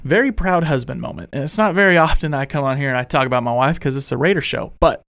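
A young man hosting a casual sports fan show, excitable and rambling, full of restarts. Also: mid-range voice, quick pace, gravelly, no echo, studio quality. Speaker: podcast host.

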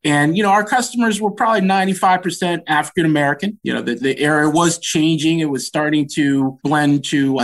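This is a man in his sixties, a guest on a leadership podcast recounting his childhood with sincere warmth of memory. His voice sits a little higher than most men's. He tells stories plainly and earnestly, picking up energy at the key moments. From Washington, DC. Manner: earnest, animated when recounting anecdotes. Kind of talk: reflective storytelling.

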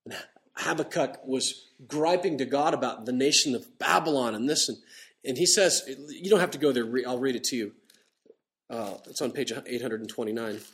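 Middle-aged guy preaching, chatty and animated, slows way down on the bible verses. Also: mid-range voice. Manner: animated, conversational preaching with slowed emphatic scripture reading. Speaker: pastor. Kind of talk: sermon. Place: church.

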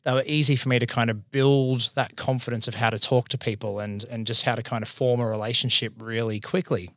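An Australian man in his thirties, an accountant and business owner, telling his career story in a casual, animated way, acting out the voices he quotes. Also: mid-range voice, fairly quick, dry recording, clean studio sound.

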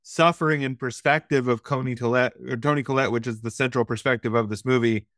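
A man's voice: medium pitch, steady tone, fast talker, fairly bright tone, no room sound, clean studio sound. A man co-hosting a casual movie podcast, critiquing the film analytically with stammered restarts. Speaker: podcast co-host.

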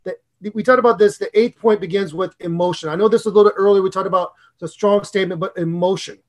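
A middle-aged man co-hosting a podcast on public speaking, talking in an excitable, animated way with big jumps in pitch and loudness. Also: fast talker. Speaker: podcast co-host and speaking coach.

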